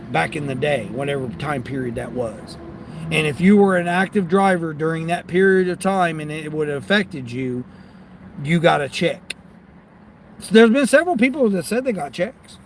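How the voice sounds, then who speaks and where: A fairly high-pitched man chats loosely to his livestream viewers from the driver's seat. Faint road and car noise sits under his voice. He rambles and answers comments as they come in. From United States. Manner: rambling, talks back to chat. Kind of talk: casual livestream chat.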